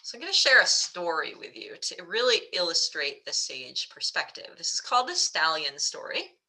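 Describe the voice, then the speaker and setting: A woman's voice: lowish voice, sing-song, normal speed, bright, forceful tone, poor audio. A woman coach presenting a webinar, telling a story in a chatty way with fillers. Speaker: mental fitness coach.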